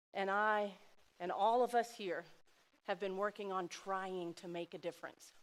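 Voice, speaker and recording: A middle-aged woman giving a heartfelt personal speech to an audience, swinging between loud exclamations and soft asides. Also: mid-range voice. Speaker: speaker at a dinner event.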